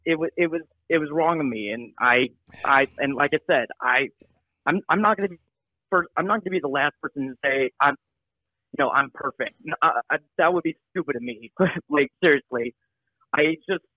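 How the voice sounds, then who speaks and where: A man calls in over a thin, phone-like line, his voice pitched a little high. He talks haltingly, stopping and restarting, and owns up with apologies. The sound stays very dry. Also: no room sound. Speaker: show regular. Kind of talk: casual chat. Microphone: phone call.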